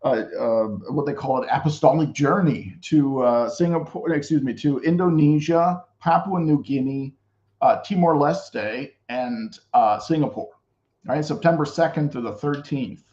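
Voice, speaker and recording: A man's voice: on the high side, unhurried, a little mellow, roomy sound, lo-fi sound. A man speaking as a guest on a podcast, explaining at length with many fillers. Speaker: guest commentator. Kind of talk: casual podcast discussion.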